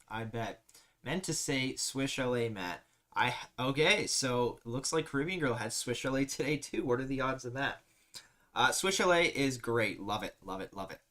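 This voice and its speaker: A man's voice: mid-range voice, pushed and bright. A man hosting a casual live stream, chatting easily and reading viewer comments aloud with frequent laughs. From Canada.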